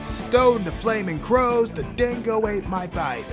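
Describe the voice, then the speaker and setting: A man's voice: high voice, expressive, measured pace, voice pushed up. A man doing an exaggerated put-on Australian accent as a boisterous cliché Aussie bloke, heavy on the slang. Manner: over-the-top clichéd slang. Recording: voice over loud guitar music.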